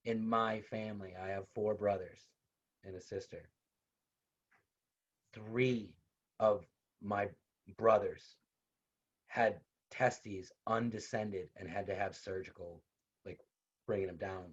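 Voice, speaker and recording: Slowly and with long pauses, a man with a low, slightly rough voice and a steady tone teaches a casual online university lecture. He stays conversational, repeats his points, and adds personal asides over dull, lo-fi video call audio.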